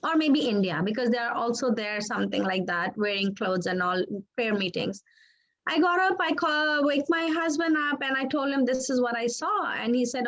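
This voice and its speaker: High-voiced woman, earnest and halting. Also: muffled recording. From Pakistan. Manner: earnest, halting, with restarts and repeated words. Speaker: interview guest, author. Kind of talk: personal testimony.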